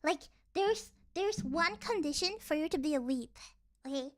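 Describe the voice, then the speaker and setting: A young woman streaming casually, rambling with lots of fillers and sometimes dropping into sighs and soft whispers. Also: high voice, normal speed. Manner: rambling, filler-heavy, animated ranting; drops to sighs and soft whispers between points. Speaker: vtuber streamer.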